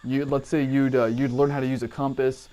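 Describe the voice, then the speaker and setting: A man's voice: medium pitch, little pitch movement, a little fast, warm tone. Profane, rambling army veteran man. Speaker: army veteran telling training stories. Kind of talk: casual storytelling to camera.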